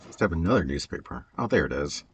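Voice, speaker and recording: A man's voice: extremely low pitch, big pitch swings, fast, a little hiss or hum. A man chatting casually and rambling while he works on a Lego build, hesitant, with many fillers and stutters and frequent chuckles. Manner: chuckles often.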